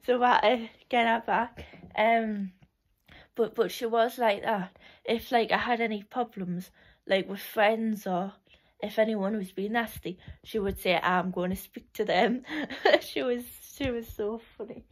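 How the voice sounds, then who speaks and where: A woman's voice: fairly high pitch, steady tone, unhurried. Rambling young woman reminiscing casually. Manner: rambling, lots of "like" and restarts, laughs often.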